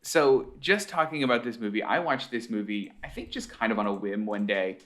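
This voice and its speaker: A man's voice: lowish voice, brisk, fairly bright tone. A man co-hosting a casual podcast over a video call, enthusiastic and self-deprecating. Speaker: podcast co-host. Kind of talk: casual chat.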